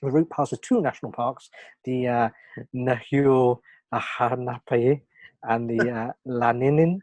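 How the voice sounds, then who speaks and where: A man co-hosting a podcast, reading a scenic-drive write-up aloud. His reading is halting, with pauses and hesitations over unfamiliar place names. The recording is close and dry, with almost no room sound. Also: medium pitch, steady tone, a little mellow, no room sound. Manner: halting, many "uh" fillers when reading. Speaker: podcast co-host. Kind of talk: reading a travel write-up in casual chat.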